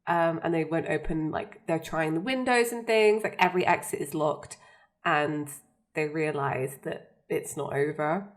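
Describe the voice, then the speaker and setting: A woman's voice: deep voice, a little slow. A young woman co-hosting a podcast, chatting casually and recapping scenes with frequent laughs. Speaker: podcast co-host. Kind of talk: casual chat.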